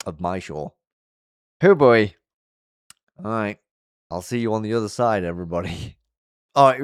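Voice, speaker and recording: A man hosting a casual commentary vlog, chatty and upbeat, with lots of fillers and restarts, and his voice jumps high when he gets sincere. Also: clear, resonant tone, no room sound, studio quality. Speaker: YouTube show host.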